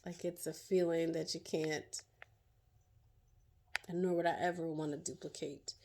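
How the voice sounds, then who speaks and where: A middle-aged woman sharing her own story as a survivor, in emotional, halting personal testimony full of fillers and restarts. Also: sits low, flat delivery, mellow, slight background noise.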